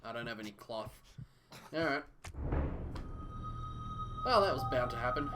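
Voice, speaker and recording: A man's voice: medium pitch, lively intonation, normal speed, pauses often, music in the background. A man casually narrating his live gameplay, muttering to himself, swearing and chatting to viewers. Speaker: game streamer.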